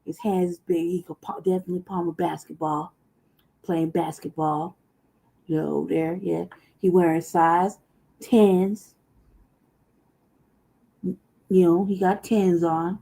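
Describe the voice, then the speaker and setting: A woman's voice: lowish voice, steady tone, takes it slowly, creaky, pauses often, dark tone. A woman from the American South co-hosting a podcast, telling stories in casual, profane chat and laughing often. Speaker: podcast co-host.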